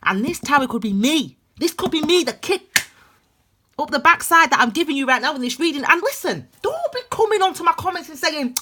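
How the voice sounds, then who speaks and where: A woman giving a passionate, blunt tarot reading that swings between loud emphasis and hushed intensity. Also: sits high, big pitch swings, brisk. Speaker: tarot reader. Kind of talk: intuitive tarot reading, spiritual pep talk.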